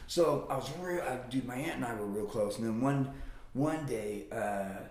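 A man in casual conversation, telling stories about his childhood. He swears freely and breaks into high-pitched impressions of family members. His voice carries a roomy echo. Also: animated, normal speed, a little mellow.

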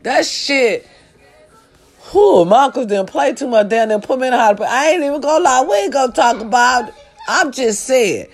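A woman, telling comic family stories in a profane, animated way, swinging from hushed sincerity to loud shouting. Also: high-pitched, normal speed, soft background music. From American South. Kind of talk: casual comedic storytelling monologue.

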